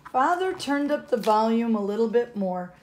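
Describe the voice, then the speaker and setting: A woman's voice: fairly high pitch, sing-song, moderate pace, a little mellow, a little hiss or hum. A woman, a teacher, reading a children's storybook aloud in a casual way, correcting herself as she goes.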